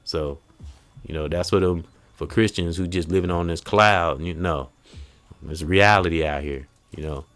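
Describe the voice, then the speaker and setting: A man hosting a casual podcast, telling stories in an animated way and acting out quotes. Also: low-pitched, normal speed. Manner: animated storytelling, acts out quotes. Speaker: podcast host.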